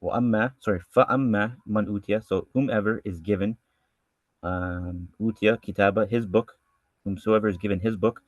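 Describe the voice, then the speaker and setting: A man's voice: lowish voice, no echo, dull audio. A man teaching a verse-by-verse scripture lesson who reads each Arabic line and then explains it casually, often restarting his sentences. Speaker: religious studies teacher.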